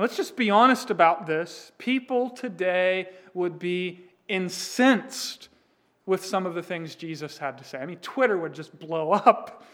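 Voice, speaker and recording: A man with a notably high voice preaching a sermon. He talks to the listeners in a conversational way, with asides and restarts, then pushes his voice loud and slow when he quotes scripture. His phrases often trail off quietly at the end. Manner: emphatic, swelling louder on scripture quotes and dropping soft at sentence ends. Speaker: pastor.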